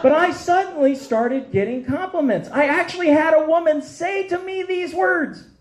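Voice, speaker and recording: A man's voice: very high voice, moderate pace. A man in his forties doing a stand-up comedy set on stage, with punchy, self-mocking delivery. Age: 40s. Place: comedy stage before a live audience.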